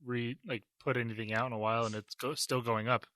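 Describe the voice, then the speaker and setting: A young man co-hosting a casual tech podcast, low-key and hedging, often trailing off. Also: steady tone, quick pace, sharp tone, dry recording, rough recording. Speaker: podcast co-host.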